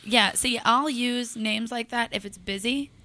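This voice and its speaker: A young adult woman co-hosting a casual podcast, teasing and cracking quick crude jokes while talking about bartending. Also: on the high side, bright, forceful tone. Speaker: co-host, bartender.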